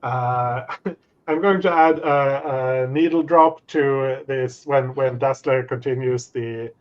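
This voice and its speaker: A man's voice: medium pitch, takes it slowly. A man hosting a casual planning chat, agreeable and easygoing, often saying yeah several times. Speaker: host. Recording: dull lo-fi audio.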